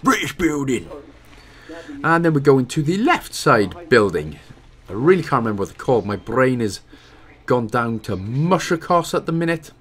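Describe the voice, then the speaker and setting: A man's voice: medium pitch, sing-song, moderate pace. A Welsh man giving casual, chatty commentary over a video game walkthrough, with self-deprecating, apologetic asides.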